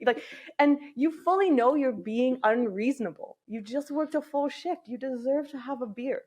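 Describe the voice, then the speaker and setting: A woman's voice: on the high side, brisk, darkish tone. Young woman from england on a podcast, swearing, laughing, acting out her thoughts. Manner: candid, profane, laughs often, acts out her own thoughts. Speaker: podcast guest. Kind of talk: casual chat.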